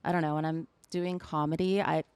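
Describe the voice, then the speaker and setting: A woman's voice: low-pitched, level tone, a little fast, a little mellow, smooth, no room sound. A woman appearing as a guest on a podcast, talking in a drawling, laid-back, casual way.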